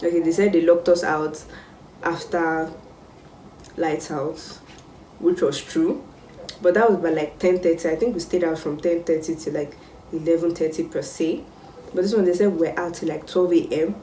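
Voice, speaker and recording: A young Nigerian woman telling a casual storytime vlog, animated and exclamatory. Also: low voice, moderate pace, distant mic, slight background noise. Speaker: vlogger. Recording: roomy sound, mic set back.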